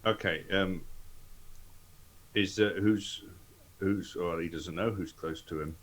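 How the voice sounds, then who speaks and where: A man's voice: deep voice, fairly even intonation, slow pace. A man playing a tabletop game, hesitant and thinking aloud as he speaks. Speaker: player. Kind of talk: tabletop role-play.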